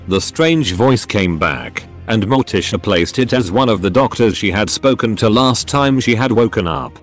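Synthetic male story narrator, lowish and lively in pitch, with faint music under it.

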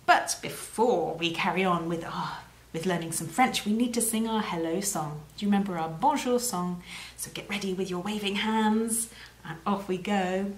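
A woman teaching French to young children, talking in a gentle sing-song way. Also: medium pitch, moderate pace, roomy sound. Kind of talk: children's language lesson.

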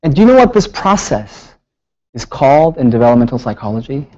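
A man giving a public lecture, telling stories with lively rhetorical questions. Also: mid-range voice, a little fast, lo-fi sound. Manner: animated storytelling with rhetorical questions. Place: lecture hall.

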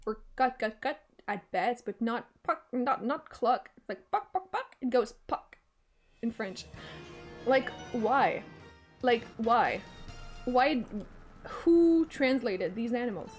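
A woman streamer giving live commentary as she plays, excitable, swearing and shrieking when things get fast. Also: on the high side, faint music behind. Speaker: gaming streamer.

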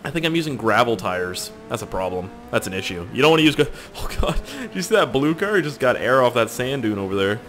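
A man's voice: mid-range voice, very animated, fast talker, hardly any pauses, fairly bright tone, faint music behind. A young man giving casual, rambling gameplay commentary, swearing and joking with viewers. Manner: rambling, profane, jokey, talks to viewers. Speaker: gaming YouTuber.

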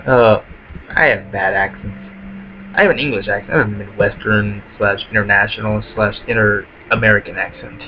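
A man's voice: on the low side, fairly even intonation, normal speed, dull audio, a little hiss or hum. A man giving casual let's play commentary at home, rambling through lots of ums and swearing constantly.

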